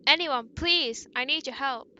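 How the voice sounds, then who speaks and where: A woman's voice: on the high side, level tone, takes it slowly, a bit bright, dull audio, a little hiss or hum. Woman reading as a terrified, pleading captive. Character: frightened, bound young captive pleading for help.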